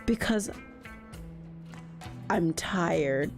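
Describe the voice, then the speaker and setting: A woman's voice: fairly low pitch, lively intonation, extremely slow, a little mellow, faint music behind. Playful young woman reading a game aloud. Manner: playful, irreverent, laughs at herself. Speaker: VTuber streamer. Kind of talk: reading a dating-sim game aloud with commentary.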